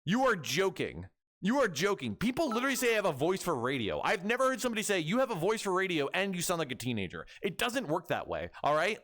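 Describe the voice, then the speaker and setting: A man's voice: high voice, wildly swooping pitch, fast, fairly bright tone. A young man streaming as a VTuber, chatting and joking with his chat in a rambling way. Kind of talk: casual livestream chat.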